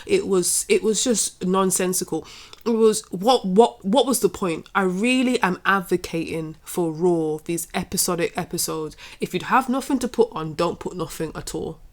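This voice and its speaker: A woman's voice: fairly low pitch, moderate pace. A young adult woman hosting her own wrestling channel, giving an exasperated, opinionated rant that keeps repeating and trailing off. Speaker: wrestling commentary channel host. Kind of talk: opinionated casual rant to camera.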